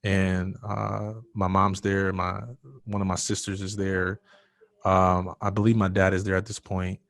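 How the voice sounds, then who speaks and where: A man's voice: low-pitched, completely flat delivery, unhurried, creaky. A man as a podcast guest, telling a personal story in an earnest, emotional way.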